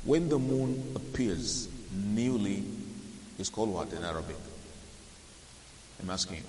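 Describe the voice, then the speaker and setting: A man teaching a Quran and Arabic grammar lesson, explaining slowly, quizzing his listeners and chanting the Arabic verses. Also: fairly low pitch, animated, warm tone. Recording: hissy recording with long reverb.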